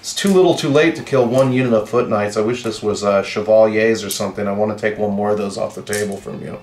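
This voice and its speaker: A man's voice: fairly low pitch, quick pace. A man hosting a tabletop battle report, joking and swearing while he rolls dice. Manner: profane, joking, excitable. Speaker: tabletop game player and channel host. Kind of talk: casual battle report banter. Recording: echoey room.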